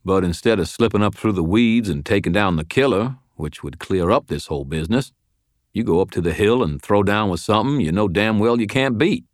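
A man voicing a gruff, folksy old male wizard mentor who talks bluntly and with a slow drawl, in an audiobook reading. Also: lowish voice, expressive, no room sound, studio quality, voice pushed up, lightly acted. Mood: reproachful. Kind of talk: audiobook character voice.

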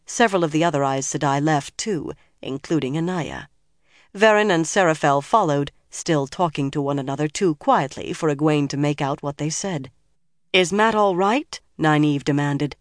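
A steady audiobook narrator reads in an even storytelling manner. The voice sits at a mid pitch. The recording is dry and close, with no room sound. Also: dry recording. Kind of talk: scripted narration.

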